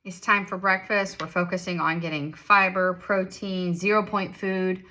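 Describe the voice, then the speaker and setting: A woman's voice: lowish voice, little pitch movement, normal speed, bright, forceful tone, a little hiss or hum. A woman in her thirties chatting casually as a vlogger, encouraging and self-deprecating. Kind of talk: casual chat.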